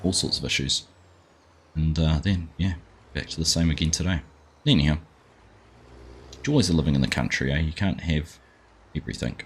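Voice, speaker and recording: Aussie guy with a really deep voice, lively up and down, chatting to his stream viewers, calls everyone mate. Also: normal speed, long pauses, a little hiss or hum. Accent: Australian. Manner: chatty, greets viewers by name, says mate a lot. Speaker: livestream gaming host. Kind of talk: casual live-stream chat.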